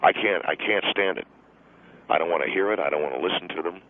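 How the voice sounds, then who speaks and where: A very low, gruff-sounding football coach in middle age rants on and on with blustering indignation, as a man puts him on. He comes through a thin, tinny phone line, his voice squeezed into a narrow band. Every sentence carries the same sulky grievance. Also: fast talker. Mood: grumbling. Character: irritable middle-aged male football coach who resents wives at games.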